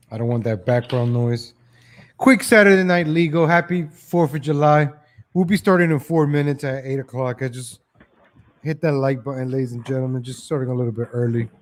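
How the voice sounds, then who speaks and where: A man hosts his own live stream from home, talking loosely and off the cuff into a streaming mic. His voice sits in an ordinary middle pitch. He keeps turning to his viewers with a showman's "ladies and gentlemen.". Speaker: livestream show host. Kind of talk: rambling live-stream monologue.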